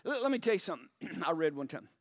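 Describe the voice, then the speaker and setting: A man preaching a sermon as pastor, asking the congregation pointed questions and pausing for emphasis. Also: fairly high pitch, big pitch swings. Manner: pauses for emphasis.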